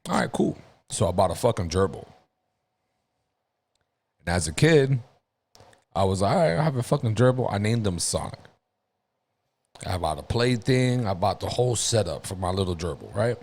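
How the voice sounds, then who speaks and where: A man on a podcast telling a story in a casual, profane, animated way, laughing through it. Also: low-pitched, moderate pace, pauses often. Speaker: podcast co-host.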